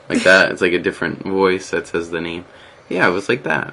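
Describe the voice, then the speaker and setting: Laughing, bright-voiced male co-host. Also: low-pitched, a little fast, creaky. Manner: laughs often, playful, rambling. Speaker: podcast co-host. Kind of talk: joking casual banter.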